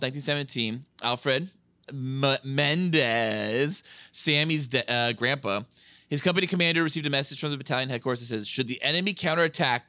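A man hosting a casual movie review podcast, talking in an animated, jokey way with plenty of swearing. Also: medium pitch, smooth, dry recording. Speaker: podcast host. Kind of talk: casual film review chat.

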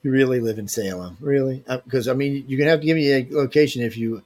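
A man runs a casual livestream giveaway, reading viewer emails out loud and ribbing them in loose slang. His mid-range, darkish voice moves fast with few pauses.

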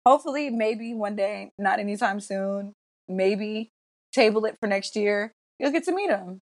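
A woman co-hosting a casual podcast, brash and profane, talking in an animated, teasing way. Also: mid-range voice, normal speed. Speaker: podcast co-host.

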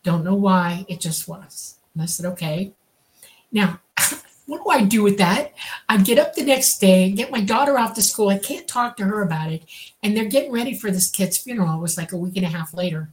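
A woman hosting a talk show, telling her own story calmly with a few fillers. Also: medium pitch, a little fast. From US state of Georgia. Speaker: podcast host. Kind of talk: casual storytelling.

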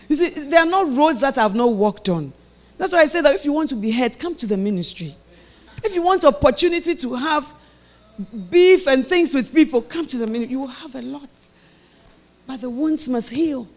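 A woman preacher telling a personal story in a sermon and acting out the voices of the people in it, then building to shouted exhortation. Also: sits high, lively intonation, normal speed.

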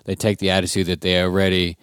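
A man with a very low voice talks loosely on a podcast, circling back and correcting himself as he goes. The sound is dry and close, with no room around it. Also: completely flat delivery, quick pace, fairly bright tone, clear, resonant tone, dry recording. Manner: rambling, self-correcting. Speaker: podcast co-host. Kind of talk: casual chat.

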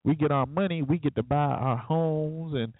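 A man's voice: on the high side, moderate pace, no echo. A man hosting a talk show, delivering an opinionated monologue with sarcastic, preachy remarks and chuckling asides. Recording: tinny phone-like, dry.

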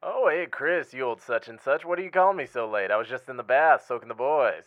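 A man putting on a higher voice as a smug boss who giggles and dodges questions. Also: animated, fairly quick, a bit bright, dull audio, natural voice. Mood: evasive. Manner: higher-pitched, giggly, evasive. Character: smug male boss caught in the bath.

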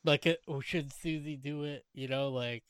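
A man's voice: a little high, steady tone, normal speed, clean tone, no room sound. Dry-voiced New man chatting. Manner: laughs easily, quotes characters in playful voices. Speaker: podcast co-host. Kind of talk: casual chat recapping a TV episode.

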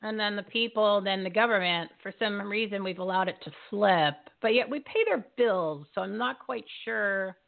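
A woman hosting a live show in an energetic, emphatic way, rallying her audience. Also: mid-range voice, normal speed, gravelly, hardly any pauses. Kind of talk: casual live show talk. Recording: tinny phone-like line.

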